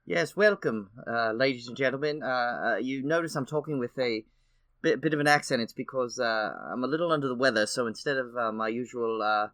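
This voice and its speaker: Man putting on a bad British accent, a bit hoarse, dry recording. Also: medium pitch, drawn-out words, hardly any pauses, fairly bright tone, no room sound. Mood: playful. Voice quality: hoarse, under the weather.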